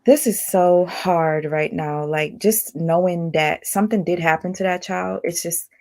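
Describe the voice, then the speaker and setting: Host, woman, gravelly voice, presses questions, restarts often. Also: on the low side, fairly even intonation, a little mellow. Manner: probing, halting, repeats her questions. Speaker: panel host. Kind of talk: live online panel discussion.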